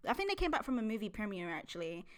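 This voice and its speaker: A woman co-hosting a casual film podcast, playful and teasing, quick to laugh. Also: mid-range voice, very animated. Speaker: podcast co-host.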